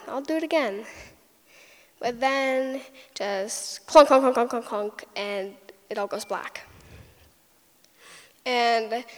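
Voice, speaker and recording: A young woman telling a personal story, retelling it vividly with little sound effects. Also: a little high. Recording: long hall reverb.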